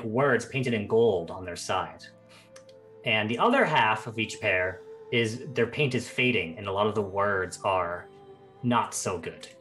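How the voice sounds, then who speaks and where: A young man narrating as game master in a relaxed, rambling way with lots of fillers. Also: on the low side. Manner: casual, rambling with many fillers. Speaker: dungeon master.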